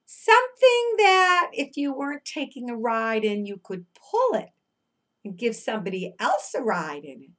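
Woman teacher reading to little kids, unhurried, very lively melody, coaxing questions. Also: a little high. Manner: singsong chanting, coaxing questions. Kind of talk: read-aloud lesson for young children.

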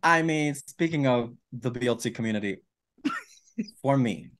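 A man's voice: mid-range voice, measured pace, a bit bright. A man co-hosting a podcast, chatting casually and gushing with lots of stumbling restarts. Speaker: podcast co-host. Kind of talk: casual chat.

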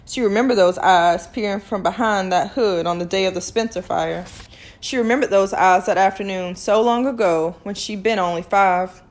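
Brief: woman narrator, calm, even storybook read-aloud, average pitch. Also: normal speed. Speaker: reader of a novel. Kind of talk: chapter-by-chapter read-aloud of a novel.

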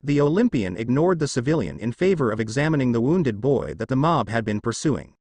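Male narrator, fan fiction reading, lively pitch, dry close sound. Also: fairly quick, dry recording.

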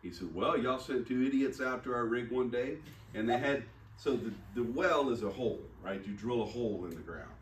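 A man's voice: medium pitch, expressive, moderate pace, slight background noise. A man preaching a sermon, telling a personal story in a conversational, self-deprecating way and acting out the dialogue. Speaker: pastor. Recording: echoey room, mic at a distance.

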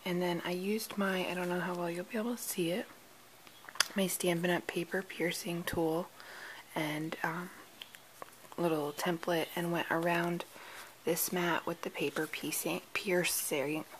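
A woman's voice: lowish voice, fairly even intonation, measured pace, slight background noise, rough recording. A woman casually walking through her handmade cards, chatty, stumbling over product names and apologizing. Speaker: card-making crafter. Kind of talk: casual craft show-and-tell.

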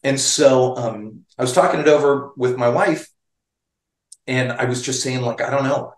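A man tells a personal story as an interview guest, his voice at a middle pitch. He restarts sentences often and keeps a chatty flow. The room around him adds a noticeable echo. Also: unhurried. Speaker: guest, guitar magazine writer.

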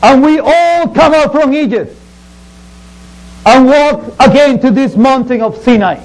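A man's voice: extremely high pitch, measured pace, darkish tone, rough recording. A man preaching to children as a pastor, telling a Bible story in the first person in simple, broken English and acting it out theatrically.

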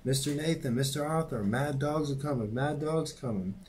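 A man reading a novel aloud, voicing an anxious, forceful older woman housekeeper in urgent, emphatic bursts. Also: mid-range voice, fairly even intonation, brisk, slight background noise, lightly acted, rough recording. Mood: alarmed.

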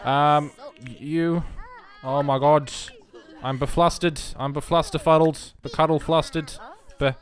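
An excitable man, rambling through casual gameplay commentary and bursting into shouts. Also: a little high, measured pace. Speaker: game streamer.

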